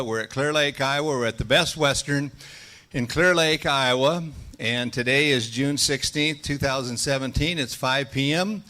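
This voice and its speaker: A man's voice: mid-range voice, clean tone. A middle-aged man, giving a folksy welcome speech at an event in a hotel room, with many fillers. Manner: loud drilled chanting of tongue twisters and number scales. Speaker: auction school president.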